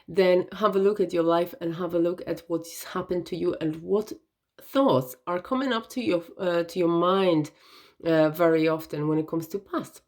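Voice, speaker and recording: A woman giving an earnest, gentle self-help talk, often checking in with "right?" and "okay?". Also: fairly low pitch. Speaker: wellness vlogger.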